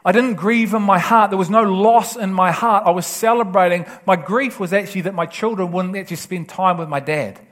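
A man's voice: high voice, a little fast, hardly any pauses, fairly bright tone. A man preaching a sermon with passion, often laughing and acting out the voices he quotes. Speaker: pastor.

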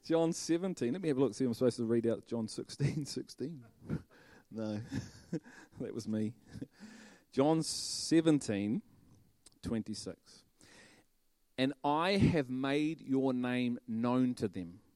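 A male preacher, delivering a lively sermon that swings from quiet stress on words to loud bursts. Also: medium pitch, takes it slowly, no echo, studio quality. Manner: animated, bursts into loud shouting and laughter.

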